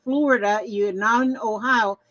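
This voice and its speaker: An older woman hosting a craft livestream, rambling cheerfully through viewer comments and often restarting her sentences. She talks fairly high and is recorded close and dry, with a slightly muffled sound. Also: steady tone, moderate pace, a bit bright, dry recording. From Minnesota, US. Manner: chatty, reads viewer comments aloud, trails off and restarts. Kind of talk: casual livestream chat.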